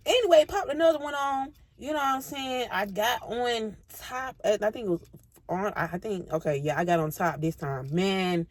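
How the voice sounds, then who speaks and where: Animated, slangy woman telling a story. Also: normal speed. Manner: animated, jumps from low mutters to high squeals; slangy and profane, addresses viewers directly. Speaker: vlogger. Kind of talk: casual storytime.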